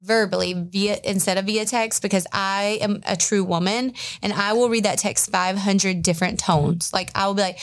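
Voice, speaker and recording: A woman's voice: medium pitch, steady tone, normal speed, hardly any pauses. A woman co-hosting a podcast, chatting casually with many fillers and a self-deprecating tone. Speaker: podcast co-host.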